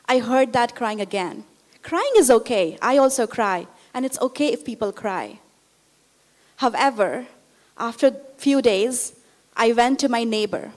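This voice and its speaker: A young woman from India, telling a personal story in an earnest way and quoting the people in it. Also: on the high side. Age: young adult. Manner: earnest, with frequent reported dialogue. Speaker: speaker telling her story.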